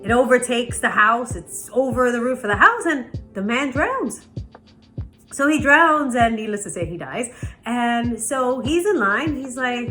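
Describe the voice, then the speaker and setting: A woman hosting a motivational spiritual talk, telling stories in an animated way and often asking "right?". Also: a little high, moderate pace, soft background music. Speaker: host.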